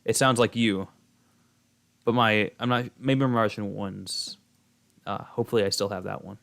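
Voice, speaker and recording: A man's voice: fairly low pitch, fairly even intonation, normal speed, creaky, fairly bright tone. A young man streaming a game and chatting casually with viewers, rambling with lots of fillers and restarts. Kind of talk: casual chat while gaming.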